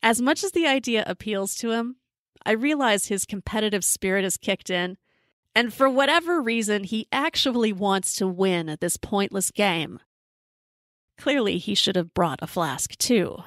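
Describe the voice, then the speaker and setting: A woman host telling a comic personal story in a sarcastic, deadpan, profane way. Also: medium pitch, normal speed, no echo, clean studio sound.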